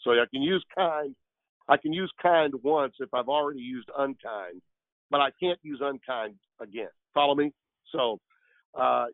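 A man's voice: medium pitch, no echo. An older man, a guest broadcaster, telling rambling, jokey stories in casual chat over the phone. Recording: tinny dry phone line.

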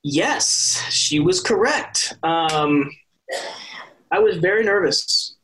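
A man's voice: sits high, sing-song, takes it slowly, a bit bright, slight background noise, low-quality recording. A young man guesting in an interview, talking earnestly and rambling through many restarts and fillers. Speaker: actor guest. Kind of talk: casual interview chat.

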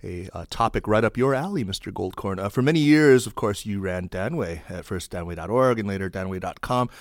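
A man's voice: on the low side, fairly quick, dry recording, studio quality. A man hosting a podcast, giving an upbeat, emphatic introduction and chatting with his guests. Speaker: podcast host.

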